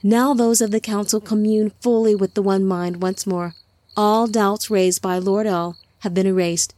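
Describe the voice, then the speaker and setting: Woman speaking as a calm, gentle divine lord. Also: mid-range voice, dry recording, close to an everyday voice. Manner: soft, measured, reassuring.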